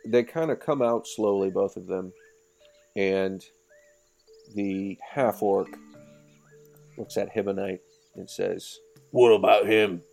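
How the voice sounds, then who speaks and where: A man narrating a tabletop game as game master and voicing its villagers, with halting speech and frequent laughter. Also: deep voice, steady tone, creaky, warm tone, soft background music.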